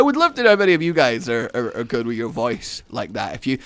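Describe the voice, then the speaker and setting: A young man rambling through casual gameplay commentary, self-mocking and breaking into loud laughing shouts. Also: mid-range voice, wildly swooping pitch, fast, few pauses, no echo. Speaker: gaming YouTuber.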